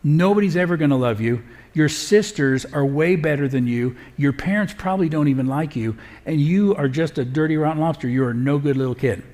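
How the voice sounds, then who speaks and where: A man's voice: a little high, fairly quick, few pauses, a little mellow, close to an everyday voice. A man voicing a cruel male accusing spirit that belittles a child, delivered as a quoted taunt.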